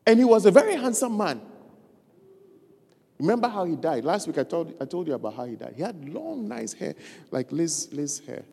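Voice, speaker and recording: Preacher, husky voice, lively pitch, long hall echo, animated sermon. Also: moderate pace. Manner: animated, acts out quoted voices; repeats key phrases for emphasis. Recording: reverberant hall.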